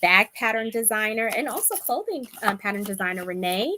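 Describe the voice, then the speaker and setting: A woman's voice: mid-range voice, lively intonation, brisk, pushed and bright, a little hiss or hum. Chatty Bronx woman hosting a live stream. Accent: Bronx New York. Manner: chatty, upbeat, lots of filler ums. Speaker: livestream host. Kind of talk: casual live chat.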